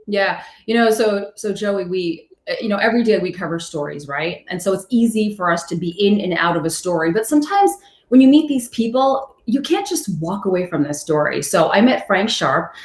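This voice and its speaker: A woman reporter chats as a podcast guest, and her stories come out animated, with quick jumps to a high voice when she quotes people. Her voice has a middle pitch for a woman. The room around her is echoey. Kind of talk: casual interview talk.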